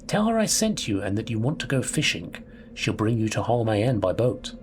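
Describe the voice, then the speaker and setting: A man reading a woman's calm escape plan. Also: on the low side, brisk, soft background music. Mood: instructing.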